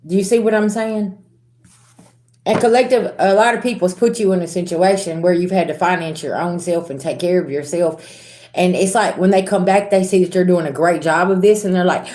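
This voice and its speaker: A woman's voice: on the low side, normal speed, darkish tone, echoey room. A woman giving a casual tarot reading to her viewers, talking bluntly with sass, slang and swearing. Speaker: tarot reader.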